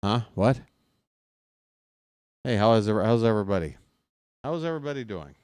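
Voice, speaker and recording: A man's voice: fairly low pitch, expressive, moderate pace, a little mellow, clear, resonant tone, no room sound, clean studio sound. A man calling a baseball game live for his channel, mixing play-by-play with rambling jokes and chat with viewers. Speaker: play-by-play streamer. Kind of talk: casual baseball commentary with chat.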